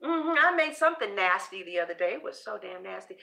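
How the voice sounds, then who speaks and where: A woman's voice: medium pitch, sing-song, brisk, gravelly, hardly any pauses, noisy background. A woman hosting a casual motivational monologue on self-esteem, sassy and preachy, swearing freely and acting out pep talks to herself. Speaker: tarot channel host giving self-esteem talk.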